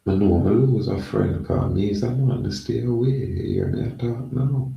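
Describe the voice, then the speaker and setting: A man's voice: fairly low pitch, normal speed, gravelly, muffled recording. A man talking in a rambling, emphatic casual monologue, repeating himself. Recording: echoey, from far off the mic.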